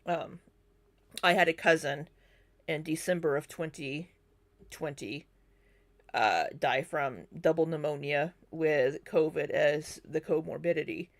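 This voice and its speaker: A woman with a low, unhurried voice hosts a live commentary stream. She reacts to video clips and chats casually while answering viewers' comments.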